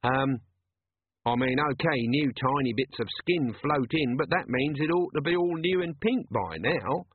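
A man's voice: medium pitch, a little slow, breathy edge, no echo. A man voicing a gloomy, nervous sergeant who speaks in a fretful quaver, in an audiobook. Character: gloomy nervous male city watch sergeant. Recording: tinny lo-fi dry recording.

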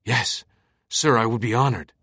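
A man's voice: mid-range voice, moderate pace, fairly bright tone, husky, no room sound, studio quality, pitched above the performer's own voice. A man reading an audiobook who voices an eager, devout male follower speaking in short, earnest lines. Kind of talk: audiobook character voice.

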